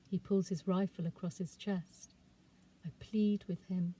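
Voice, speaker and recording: A woman, a children's author, reading aloud from her novel in a calm, expressive storytelling voice. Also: on the low side, measured pace, breathy edge, poor audio.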